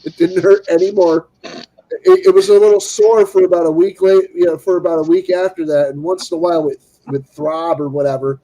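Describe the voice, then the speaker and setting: Rambling, animated male streamer, slightly high voice, casual anecdote style. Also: a little fast, low-quality recording. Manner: animated, acts out quoted people; rambling with restarts. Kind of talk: casual storytelling.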